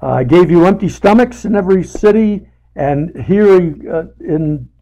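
A man leading a casual Bible study, talking haltingly with many fillers and restarts, and putting emphasis on paraphrased scripture. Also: high voice, lively intonation, mellow, low-quality recording.

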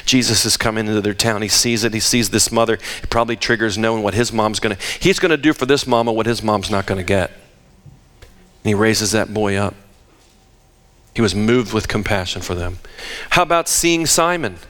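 A man preaching a sermon, asking rhetorical questions and dropping to hushed tones for emphasis. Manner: dramatic, drops to hushed low tones for emphasis; asks the audience rhetorical questions.

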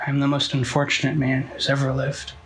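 A man's voice: mid-range voice, completely flat delivery, a little fast, slight background noise, lightly acted, low-quality recording. A man reading as a stammering frightened boy. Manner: stammering and hesitant. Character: frightened, weary runaway boy. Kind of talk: reading a story aloud in a talk.

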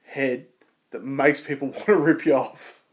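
A man's voice: medium pitch, fairly even intonation, measured pace. A man co-hosting a podcast, teasing his friend with dry jokes and laughing often in casual chat. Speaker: podcast co-host.

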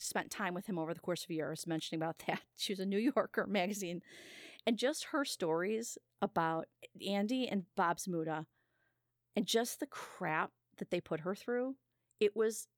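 A woman's voice: medium pitch, normal speed, no echo, studio quality. A woman in casual conversation, telling a long anecdote and acting out the people in it, laughing often. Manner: animated, acts out quoted voices, laughs often. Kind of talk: casual chat, storytelling.

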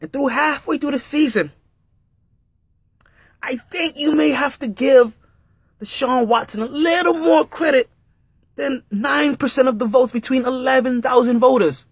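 A man hosting a casual sports podcast, talking in an animated way, repeating himself and making jokey asides. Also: very high voice, unhurried, long pauses, slightly rough, dry recording. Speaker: podcast host.

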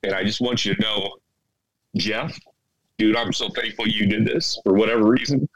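A man talking through tears to his former teammates, stumbling and repeating words as emotion rushes in. His voice sits a little low, and the delivery is raw and heartfelt rather than polished. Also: steady tone, fairly bright tone, no room sound, low-quality recording. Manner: choked up, halting, repeats himself. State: tearful.

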